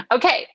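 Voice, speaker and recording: A woman's voice: a bit bright, no room sound. A woman from the library staff giving a chatty, upbeat report to a meeting over a video call.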